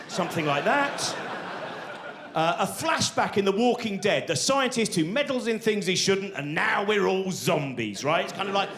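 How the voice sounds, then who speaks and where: A man's voice: sits high, big pitch swings, moderate pace, a bit bright. A man in his forties telling a rambling, self-deprecating stand-up story full of restarts and asides. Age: 40s. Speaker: stand-up comedian.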